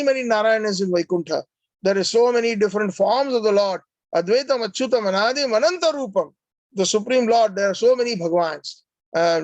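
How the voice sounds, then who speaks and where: A man's voice: high-pitched, no room sound. A man giving a devotional lecture, earnestly explaining Sanskrit terms with frequent "uh"s and repeated words. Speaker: devotional class speaker.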